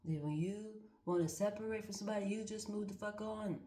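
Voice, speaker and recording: A woman's voice: medium pitch, a little fast, warm tone, reverberant. A woman reading cards and thinking aloud in a casual, candid way, swearing freely as she muses. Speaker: card reader. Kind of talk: casual spiritual card-reading monologue.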